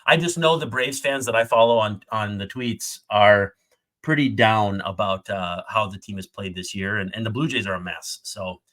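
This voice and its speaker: A man's voice: fairly low pitch, normal speed, fairly bright tone. A man co-hosting a casual sports podcast, chatty and enthusiastic, cracking jokes as he talks. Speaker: podcast co-host.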